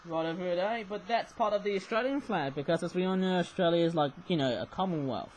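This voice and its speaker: A man's voice: high-pitched, fast talker, a little hiss or hum, rough recording. A man rambling casually through a toy review, peppering his talk with little exclamations and tag questions. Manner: rambling, chatty, frequent "oh my goodness me" and "eh?".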